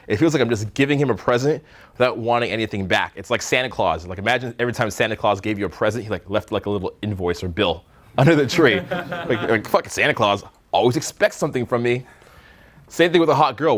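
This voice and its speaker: Blunt, profane male dating coach. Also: medium pitch. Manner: blunt, profane, joking, slips into mocking put-on voices. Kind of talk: live seminar talk to a room of students. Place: seminar room with an audience.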